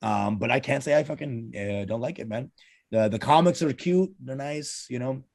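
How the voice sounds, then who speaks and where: A man's voice: medium pitch, moderate pace, vocal fry, darkish tone. A male comedian co-hosting a podcast in casual chat, riffing and swearing often between laughs, heard over a video call. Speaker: co-host, stand-up comedian.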